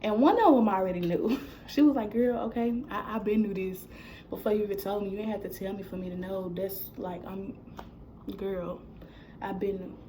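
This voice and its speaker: Young woman, vlogger, animated storytelling, mellow tone. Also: mid-range voice, normal speed, slight background noise, rough recording. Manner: casual, animated retelling with quoted dialogue. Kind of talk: storytime vlog.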